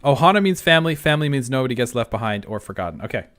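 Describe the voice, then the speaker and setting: A man's voice: medium pitch, lively intonation, rapid-fire, fairly bright tone, faint music behind. A young man streaming live, chatting casually in a self-deprecating way and often restarting his sentences. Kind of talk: casual livestream chat.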